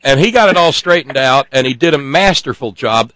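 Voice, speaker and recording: Halting middle-voiced man telling a story. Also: mid-range voice, animated, fairly bright tone, dry recording, low-quality recording. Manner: halting storyteller with many restarts. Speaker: co-host. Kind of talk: casual chat.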